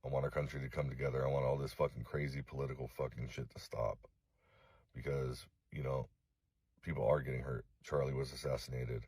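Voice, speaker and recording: A middle-aged man from Los Angeles making a direct-to-camera apology video, halting and remorseful, swearing often. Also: extremely low pitch, darkish tone, slightly rough, no room sound. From Los Angeles, USA. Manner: halting, remorseful, heavy swearing, frequent fillers. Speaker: vlogger.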